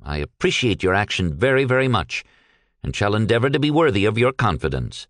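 An earnest, cheerful young veteran, as a man reading the story puts him on. He speaks politely and with confidence, his voice a little raised and lively. The sound is dry and close. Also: lowish voice, a little fast, no echo, pitched above the performer's own voice. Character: cheerful young one-armed ex-soldier.

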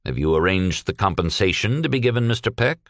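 A cold, disapproving general manager, put on by a man reading the story. He speaks curtly in a low voice. The recording is dry. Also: animated, a little fast, fairly bright tone, no room sound. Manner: cold, curt.

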